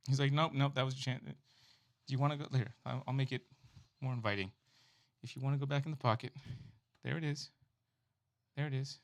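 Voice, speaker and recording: A man's voice: mid-range voice, fairly even intonation, normal speed, gravelly, long pauses. A man, a reptile breeder, casually talking to his snake in a chatty, playful, apologetic way. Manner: chatty, apologetic, playful baby talk to the animal.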